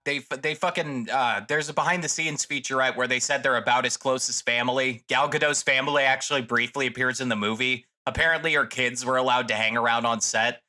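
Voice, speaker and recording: A man's voice: mid-range voice, steady tone, a little fast, few pauses, bright, forceful tone. A young man co-hosting a podcast in casual chat, swearing freely and restarting his sentences often. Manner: profane, rambling, with many restarts. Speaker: podcast co-host.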